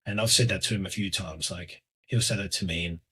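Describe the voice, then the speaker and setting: A man in his thirties hosting a solo podcast, talking in a hesitant, reflective way with lots of fillers and restarts, often trailing off quietly. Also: deep voice, fairly quick, breathy edge. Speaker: podcast host.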